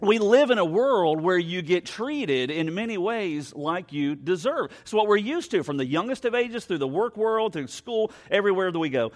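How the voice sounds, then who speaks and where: Animated man in his forties preaching. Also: high voice, moderate pace, few pauses. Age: 40s. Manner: conversational storytelling with audience questions. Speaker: pastor. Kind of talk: sermon.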